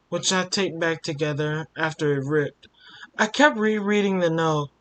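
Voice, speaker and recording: Young male storytime host; slow reader, bright tense tone, emotional asides. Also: high-pitched. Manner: emotional, stops to comment and sigh. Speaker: storytime YouTuber. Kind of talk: reading a fan fiction story aloud.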